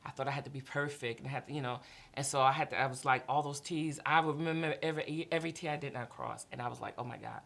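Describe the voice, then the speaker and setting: Middle-aged woman, very low and gravelly, co-host of a faith talk who acts out her stories. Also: quick pace. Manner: animated storyteller, acts out dialogue with God. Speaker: podcast co-host, mother. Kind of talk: candid faith conversation.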